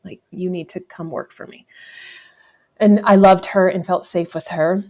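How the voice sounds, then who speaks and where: A woman in her thirties from the United States speaks in a slightly low voice as a podcast guest. She tells a personal story candidly and reflectively, often breaking off to correct herself and laughing now and then. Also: fairly even intonation, measured pace, darkish tone. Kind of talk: conversational storytelling.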